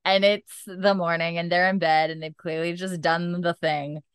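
A woman's voice: on the low side, flat delivery, normal speed, clear, resonant tone, no room sound, clean studio sound. A woman on a podcast, casually retelling a TV episode scene by scene and acting out the lines with lots of "she's like". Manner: chatty, retells dialogue with "she's like", laughs often. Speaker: podcast host recapping an episode.

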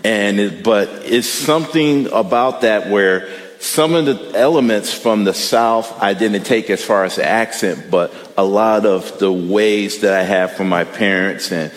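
A man with a Midwestern US accent preaching a sermon as pastor, in a relaxed, conversational way with frequent fillers and repeated words. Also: deep voice, long reverb tail.

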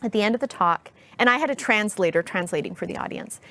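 A woman guest in her thirties, telling a personal story in an interview, earnest and heartfelt, speaking slowly and deliberately. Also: medium pitch, lively intonation, pushed and bright.

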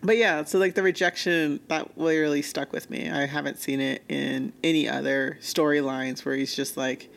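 A woman co-hosting a casual podcast chat about manga, animated, laughing often and acting out quotes. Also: low voice, moderate pace, creaky, few pauses. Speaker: podcast co-host.

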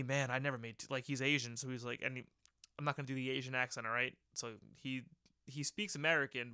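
A man's voice: medium pitch, sharp tone, clear, resonant tone, no room sound, clean studio sound. A man of thirty chatting casually as a podcast host, rambling and swearing as he tells a work story. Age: 30s. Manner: rambling, profane, self-correcting. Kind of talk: casual chat.

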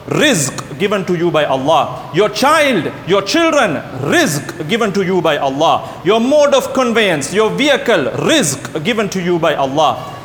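A man delivers a sermon in a high, animated voice that climbs and falls as he tells stories and briefly acts out the people in them. He sounds far-off in a roomy hall with a long, ringing echo. A faint rumble sits under the recording. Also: a little slow, hardly any pauses. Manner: animated storytelling, voices the characters in anecdotes. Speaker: preacher.

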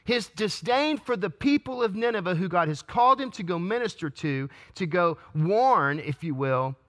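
An animated pastor with a high, fairly bright voice preaches at a normal speed. While reading and explaining scripture he asks earnest rhetorical questions and stumbles into restarts.

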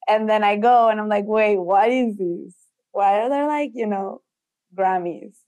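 A young Mexican woman who speaks Spanish natively is a guest in a casual interview, telling stories in an animated way, acting out quotes and often saying "like." Her mid-range voice is unhurried, and the recording sounds muffled.

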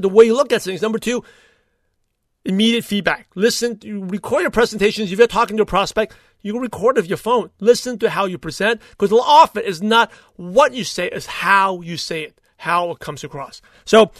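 A man hosting a solo podcast, talking in an upbeat, rambling way with quick asides and restarts. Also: high-pitched, a bit bright, no echo, clean studio sound. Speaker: podcast host. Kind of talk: solo motivational podcast talk.

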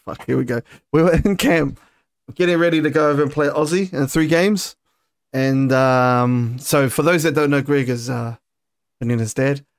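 A man hosting a podcast, telling a story in a casual, animated way with lots of swearing and laughter. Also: mid-range voice, a little slow. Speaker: podcast host. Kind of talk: casual chat.

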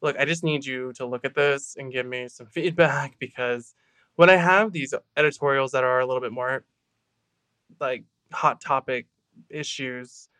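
A man's voice: medium pitch, moderate pace, pushed and bright, clean tone, dry recording. A man co-hosting a podcast, talking candidly in a casual chat, tired but fired up about activism. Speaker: podcast co-host.

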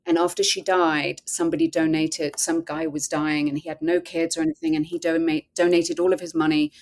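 A woman's voice: deep voice, little pitch movement, brisk, darkish tone. A woman guest telling a personal story in a podcast interview, earnest and candid, often quoting her own thoughts.

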